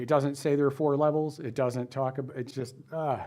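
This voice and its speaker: Animated, self-deprecating male philosophy lecturer. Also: fairly high pitch, moderate pace. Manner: self-deprecating, acts out quoted voices. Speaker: guest speaker, philosophy teacher.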